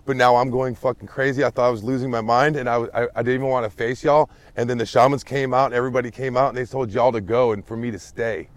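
A man casually telling a story to friends in an animated, profane, emphatic way. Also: mid-range voice, quick pace, few pauses, no echo. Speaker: storyteller in a group chat.

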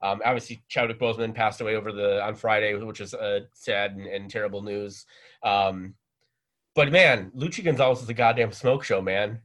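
A man's voice: lowish voice, fairly even intonation, normal speed, a bit bright. A man hosting a casual sports podcast, talking in a rambling way with lots of fillers. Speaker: podcast host. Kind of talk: casual chat.

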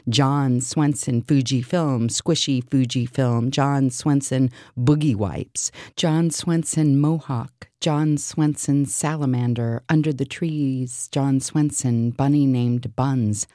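A woman reciting a surreal spoken-word list in a deadpan, absurd manner. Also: very deep voice, slow pace, few pauses, no echo, studio quality.

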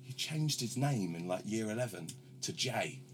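Young male podcast host, low-voiced, rambling, sweary storyteller. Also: animated, normal speed, background noise. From London, England. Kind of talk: casual banter.

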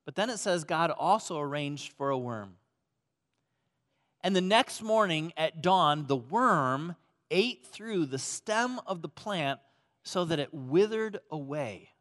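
A man preaching a sermon as pastor, swinging between loud emphasis and hushed, soft passages. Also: fairly high pitch, animated, takes it slowly. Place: church auditorium.

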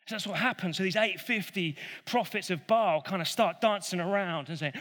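A man retelling a Bible story in a casual, animated way, with jokey asides. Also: sits high, normal speed, few pauses. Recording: long hall reverb.

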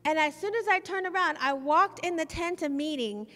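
A woman's voice: high-pitched, moderate pace, bright, forceful tone. A woman preacher giving a fervent, repetitive sermon testimony at a church service. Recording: long hall reverb.

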